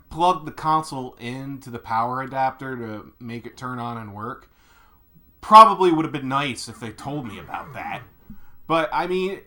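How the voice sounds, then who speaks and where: A young man ranting in a satirical vlog, mock-outraged, swinging between low mumbles and shouting. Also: slight background noise. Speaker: YouTuber. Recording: music playing underneath.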